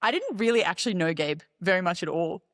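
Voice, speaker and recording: Animated young woman telling a story. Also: fairly low pitch, fast, dry recording, clean studio sound. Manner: animated storytelling, acts out quotes, laughs often. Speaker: podcast guest, ski racer. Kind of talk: casual podcast chat.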